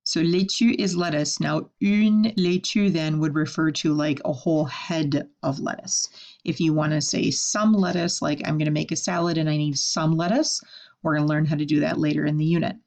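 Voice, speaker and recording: A woman teaching a French vocabulary lesson, saying each word slowly and then explaining it in casual English. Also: deep voice, fairly even intonation, a little mellow.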